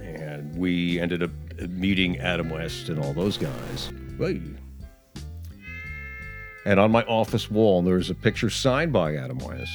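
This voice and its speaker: A man's voice: sits low, expressive, measured pace, over music. A man hosting a casual talk show, telling digressive stories with frequent restarts and chuckles. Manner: chatty, digressive storyteller with frequent restarts and laughs. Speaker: radio or podcast host.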